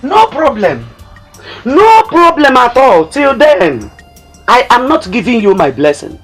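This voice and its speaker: A woman's voice: on the high side, sing-song, husky, soft background music, full character voice. Scornful Nigerian mother. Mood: mocking. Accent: Nigerian Igbo. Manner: mocking, scolding, drawn-out emphasis. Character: scornful greedy mother berating her daughter. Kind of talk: film acting.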